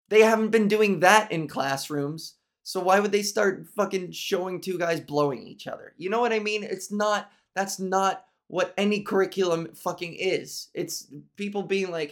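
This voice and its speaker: A woman's voice: medium pitch, measured pace. A woman hosting a solo podcast, talking in a nasal voice, candid and profane, rambling with restarts. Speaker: podcast host.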